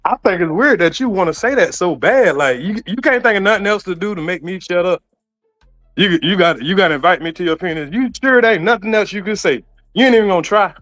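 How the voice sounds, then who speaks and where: A man's voice: sits high, animated, fast talker, fairly bright tone. A man who is an online content creator, arguing in a heated casual way, mocking and sarcastic and often repeating himself. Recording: dull lo-fi audio with faint music.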